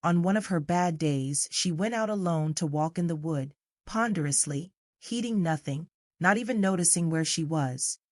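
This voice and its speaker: An audiobook narrator, a woman with a low voice, reads a novel as scripted literary narration. She speaks at normal speed in clean studio sound with no echo.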